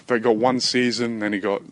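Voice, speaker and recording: Speaking unhurriedly in a level, medium-pitched voice with no echo, a young English vlogger wanders along a road in the wind. He holds his camera himself and rambles through a sweary, self-deprecating monologue. Wind and passing vehicles can be heard throughout.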